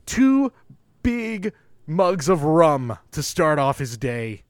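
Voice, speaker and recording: A man co-hosting a podcast, chatting in an animated, enthusiastic way with lots of fillers. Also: on the high side, takes it slowly, no room sound, clean studio sound. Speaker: podcast co-host. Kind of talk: casual film discussion.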